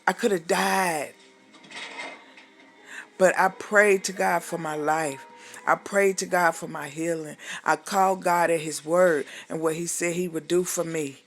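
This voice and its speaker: A woman's voice: lowish voice, steady tone, measured pace, a bit bright, faint music behind. A woman minister giving an emotional spoken testimony, fervent and preachy, calling the listener honey and holding back tears. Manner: calls the listener "honey", exclaims hallelujah.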